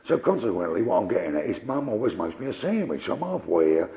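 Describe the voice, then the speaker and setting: Gravelly older comic. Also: male voice, on the low side, sing-song, fast, warm tone, highs cut off. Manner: gruff, conversational, swearing. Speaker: stand-up comedian. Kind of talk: stand-up comedy storytelling.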